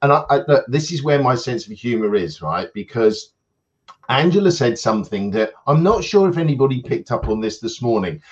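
A man's voice: mid-range voice, very animated, fairly quick, dull audio. A man, a coach, telling self-mocking anecdotes in casual chat on a video call.

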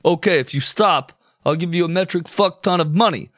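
A man's voice: on the high side, a little fast, a bit bright, dry recording, clean studio sound, pitched above the performer's own voice, lightly acted. Man putting on a pushy New York king. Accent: New York, put on. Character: brash New York-accented ancient king.

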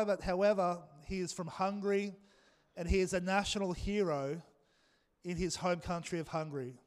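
A man's voice: high voice, smooth, long reverb tail. A man, preaching a sermon and joking with the congregation. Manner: jokey, chatty with the congregation. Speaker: pastor. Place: church hall.

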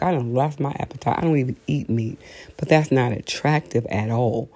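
A woman's voice: rumbling low, moderate pace, mellow, breathy edge. A woman vlogger giving a blunt, sassy opinion monologue to camera, chatting casually from home with lots of "you know"s. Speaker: vlogger hosting her own talk show. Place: at home, seated with coffee.

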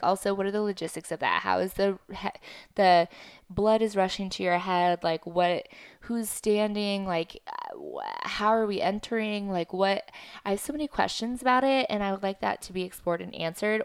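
A woman's voice: medium pitch, brisk, clear, resonant tone, no echo. A young adult woman hosting a podcast, recapping reality TV in a chatty, profane style full of asides. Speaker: podcast host. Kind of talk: casual reality TV recap monologue.

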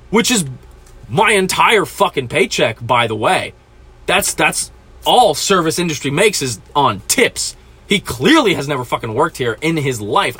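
A man's voice: fairly high pitch, pushed and bright, slightly rough. A man in his twenties from New Jersey, telling an angry, profane story about a rude customer, ranting at length. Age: 20s. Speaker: podcast host.

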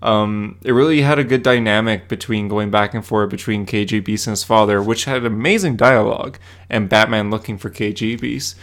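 A man's voice: fairly low pitch, steady tone, normal speed, hardly any pauses, fairly bright tone. A young man co-hosting a casual comic podcast, eagerly correcting and explaining story details. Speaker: podcast co-host. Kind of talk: casual chat.

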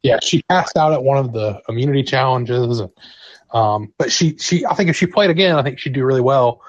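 A man co-hosting a podcast in casual, enthusiastic chat. His voice is recorded dry and close, with no room sound. He sits at a middling pitch for a man. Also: brisk, no echo, dull audio. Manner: enthusiastic, talkative, acts out quotes. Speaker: podcast co-host.

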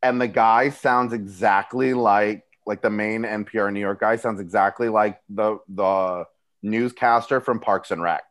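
Excitable, jokey man chatting. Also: on the low side, unhurried. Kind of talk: casual podcast chat. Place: new apartment.

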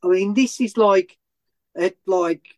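A man's voice: high-pitched, takes it slowly. A man, a runner being interviewed, who tells a long story in a rambling way with many restarts and self-corrections. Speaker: ultrarunner guest.

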